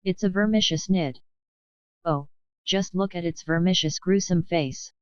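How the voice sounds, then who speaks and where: A flustered male police chief barks out commands in a panic, read by a woman. The voice sits low and smooth. The recording is dry and slightly muffled. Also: measured pace, no echo, natural voice. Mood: fearful. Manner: shouting orders, alarmed. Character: blustering male police chief, jumpy and bossy.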